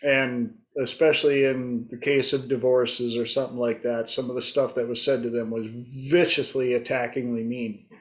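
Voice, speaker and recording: A man's voice: mid-range voice, flat delivery, normal speed, few pauses. A man hosting a casual group discussion, telling stories and acting out his clients' voices. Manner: storytelling, acts out clients' voices. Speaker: host.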